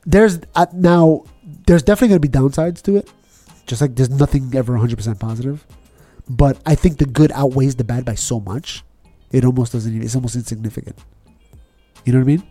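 A man talks fast and animated in casual chat, with a mellow, warm tone and a slightly raised pitch. He keeps slipping into quick impressions. The sound is dry and close, with faint music behind. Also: no room sound.

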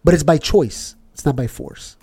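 A man in casual chat, animated and quick to slip into impressions. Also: a little high, husky, no echo.

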